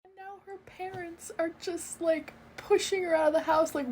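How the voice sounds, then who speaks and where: A young woman reacting to an anime, gushing and swinging between outrage and tearful excitement, with some swearing. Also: very high voice, measured pace, a little hiss or hum. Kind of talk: emotional reaction vlog.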